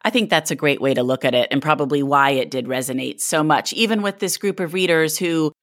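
Low-voiced woman interviewer, dry sound. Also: a little fast, no echo. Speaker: interviewer host. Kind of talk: casual interview chat.

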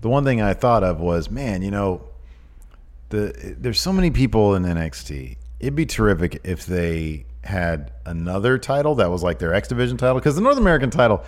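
Animated man pitching ideas, lively pitch. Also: fairly quick. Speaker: podcast co-host. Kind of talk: casual chat.

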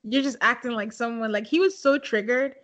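Female podcast co-host, casual, opinionated, slightly high pitch. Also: fairly quick, a bit bright. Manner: frank, emphatic opinions.

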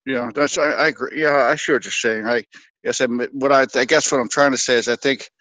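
A man calling in to a sports radio show, talking in a halting, rambling way with many fillers. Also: medium pitch, steady tone, fairly bright tone, dry recording, rough recording. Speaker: caller. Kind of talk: sports call-in talk.

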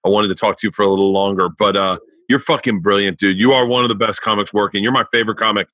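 A man hosting a podcast talks in loose, profane chat with a bright, forceful tone. He often trips over restarts. The sound is dry and close. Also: lowish voice, fairly even intonation, fast talker, dry recording. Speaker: podcast host. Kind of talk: casual chat.

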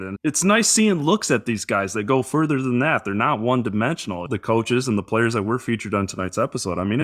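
A man's voice: fairly low pitch, a bit bright. A man co-hosting a sports podcast, talking enthusiastically in casual chat.

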